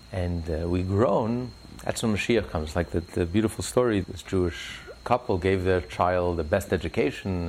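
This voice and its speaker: A man teaching religious ideas in an interview, preacherly, rising sharply in pitch for emphasis and telling stories with acted voices. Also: a little mellow, slight background noise, rough recording.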